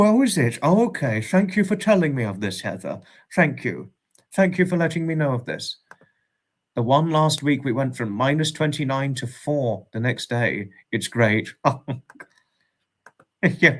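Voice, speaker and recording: A man hosting a livestream in casual chat, warmly greeting viewers and reading out their comments with frequent chuckles. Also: medium pitch. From United Kingdom. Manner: affectionate, greets viewers as darling, chuckles often. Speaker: livestream host.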